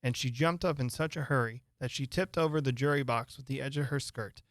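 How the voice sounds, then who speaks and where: A man narrating a classic storybook in a steady, even reading voice as the podcast host. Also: mid-range voice, a little fast, no room sound, clean studio sound. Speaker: host and reader.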